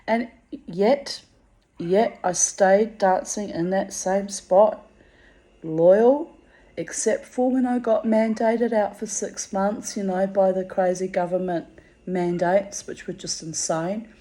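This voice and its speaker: A woman's voice: medium pitch, steady tone, mellow. A woman telling a personal story in a candid spoken monologue, dramatic and profane, drawing out words for emphasis. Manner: theatrical and profane, with drawn-out emphasis.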